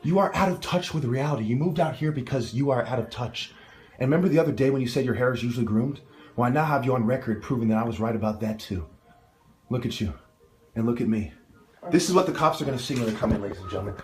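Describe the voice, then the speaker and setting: A son films a heated home recording of an argument with his mother and the police. Speaking fast at medium pitch, he is insistent and lectures as he goes.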